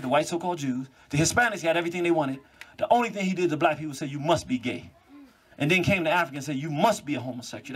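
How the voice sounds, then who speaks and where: A man with a slightly high, husky voice speaks to a live audience. He lectures in an animated way, telling stories and dropping mocking asides. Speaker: public speaker. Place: cultural venue before a live audience.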